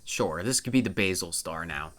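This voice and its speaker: A man's voice: sits low, lively intonation, fairly bright tone, slight background noise. A man giving casual, playful commentary over a video game playthrough. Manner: playful, chatty, quick asides. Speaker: let's-play commentator.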